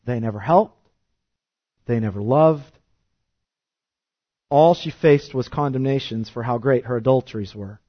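A man's voice: medium pitch, a little slow, long pauses, dry recording. Impassioned preacher man, dry muffled sound. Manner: impassioned, rhetorical questions, wide swings of loudness. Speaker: pastor. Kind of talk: sermon.

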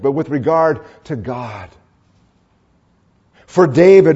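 Male pastor, measured sermon delivery, husky mellow timbre, dull lo-fi recording. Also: fairly high pitch. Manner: earnest, measured preaching with emphatic stresses.

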